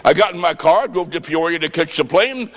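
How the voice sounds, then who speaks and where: A man preaching a revival sermon, fervent, with shouted bursts and stories told in quoted dialogue. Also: on the high side, animated, a little fast. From US Midwest. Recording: long reverb of a large hall.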